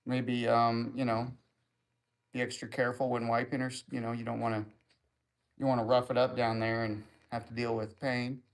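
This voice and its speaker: Here a man with a mid-pitched voice runs a livestream, chatting loosely with his audience and picking up comments as they come in. His crude humor rambles from gag to gag as if he's hanging out with friends. His pitch barely moves, and his pace is normal.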